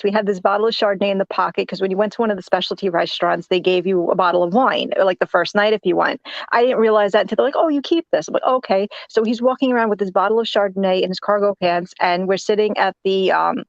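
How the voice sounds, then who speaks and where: Woman guest, lively storyteller who acts out quotes, on a muffled, dry recording. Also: medium pitch, fast, creaky, no room sound. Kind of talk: casual storytelling. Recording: dull, dry audio.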